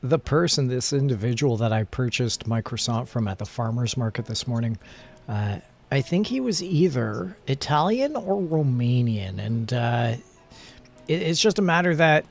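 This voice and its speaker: A man chatting casually on a relaxed stream, rambling and joking at his own expense. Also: medium pitch. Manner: rambling, playful, self-mocking.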